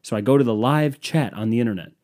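A man's voice: mid-range voice, quick pace, darkish tone. Profane, exasperated man ranting. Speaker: podcast host. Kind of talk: casual solo rant.

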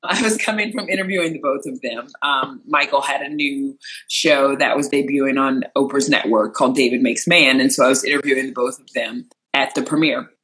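Bright-voiced storyteller from rural Missouri. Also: fairly quick, low-quality recording. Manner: animated, acts out quotes with sharp jumps in pitch. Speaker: entertainment interviewer. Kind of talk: personal storytelling.

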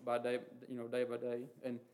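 Guy preaching, kinda flat monotone, lots of um and you know, earnest. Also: medium pitch. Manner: halting, heavy with "you know" and "um" fillers; earnest, reads scripture quotes aloud. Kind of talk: informal sermon on the Lord's Prayer.

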